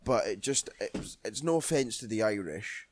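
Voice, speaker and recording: A man's voice: lowish voice, expressive, normal speed, crowd noise. A man co-hosting a film podcast, chatting bluntly and swearing freely. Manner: blunt, swears freely, puts on comic voices. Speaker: podcast co-host. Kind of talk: casual film review chat.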